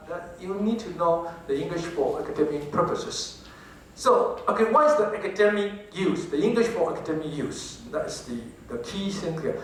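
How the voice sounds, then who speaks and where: A man with a Taiwanese accent gives a lecture to teachers, often asking the audience rhetorical questions and repeating his words. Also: high voice. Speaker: professor giving a talk on English teaching. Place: large lecture hall. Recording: very echoey hall, distant from the mic, faint noise.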